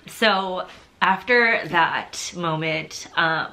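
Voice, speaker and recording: Low, bright-voiced young woman's testimony. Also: very slow. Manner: chatty and rambling, heavy on fillers like "like" and "you know"; openly emotional, confessional. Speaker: vlogger sharing her faith testimony. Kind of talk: casual personal testimony.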